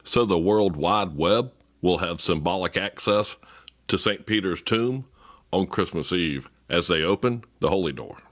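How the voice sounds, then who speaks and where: Deep-voiced man narrating with dry wit. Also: measured pace, fairly bright tone. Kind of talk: explanatory video narration.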